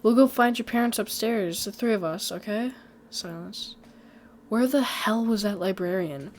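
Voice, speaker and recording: Female storytime narrator, first-person horror, conversational read with occasional stumbles. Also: medium pitch. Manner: conversational reading with small slips and restarts.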